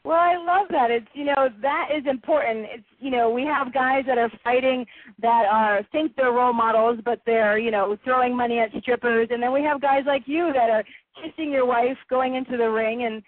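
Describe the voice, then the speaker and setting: A woman hosting a boxing radio show, effusive and quick to laugh. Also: fairly high pitch, dry recording. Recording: tinny phone-like line, dry.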